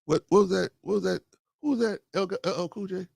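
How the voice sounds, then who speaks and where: A man's voice: fast, gravelly, darkish tone, breathy edge, dry recording, studio quality. A man casually reading and joking through scripture as host, laughing often and preaching in bursts. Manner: preachy storytelling with sudden pitch jumps. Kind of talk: casual comic Bible commentary.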